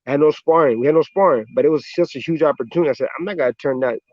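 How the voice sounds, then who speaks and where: A man's voice: fairly high pitch, very fast, a little mellow, no room sound, highs cut off. A man with an American accent, a professional boxer, chatting casually in an interview and telling stories in a laid-back way, often swearing and tagging lines with "man".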